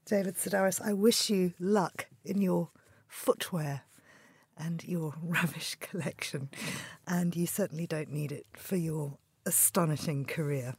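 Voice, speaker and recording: A woman hosting an interview, signing off in a polished, measured way. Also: on the low side, vocal fry, a little mellow, husky, no echo. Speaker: interview host. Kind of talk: radio presenting.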